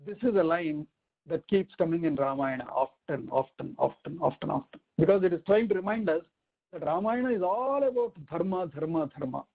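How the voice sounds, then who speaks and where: A man's voice: a little high, lively intonation, creaky. Man teaching over a tinny line. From India. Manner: explains step by step, asking rhetorical questions and reciting Sanskrit verses slowly. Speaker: teacher of a scripture class. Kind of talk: weekly online scripture lesson.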